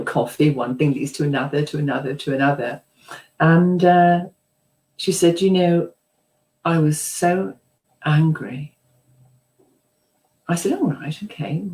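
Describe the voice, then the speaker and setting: A woman's voice: fairly low pitch, rough recording. A middle-aged British woman, a psychotherapist, telling chatty anecdotes with ums and laughs as an interview guest. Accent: British English. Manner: chatty, warm storytelling with frequent ums and laughs; acts out quoted voices.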